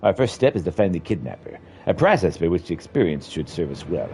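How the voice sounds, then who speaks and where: A man's voice: low-pitched, sing-song, fast, darkish tone, a little hiss or hum. A man reading an eager male engineer. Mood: confident. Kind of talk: reading game dialogue aloud.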